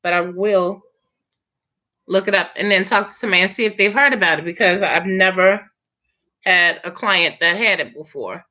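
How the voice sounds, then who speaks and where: Bright-voiced woman chatting on a lo-fi stream. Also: medium pitch, normal speed. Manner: chatty, laughs often, talks to viewers. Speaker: live chat host, hairstylist. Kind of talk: casual live chat. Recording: dull lo-fi stream audio.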